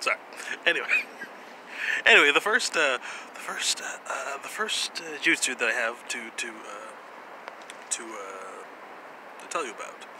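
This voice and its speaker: A man vlogging in a rambling, casual monologue, halting often with pauses and asides. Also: medium pitch, noisy background. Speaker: vlogger presenting jutsu.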